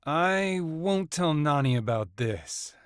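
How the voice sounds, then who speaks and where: A man's voice: a little high, lively intonation, slow pace, smooth, no room sound, studio quality, voice pushed up. A man voicing a friendly, sympathetic young male local with an easygoing manner.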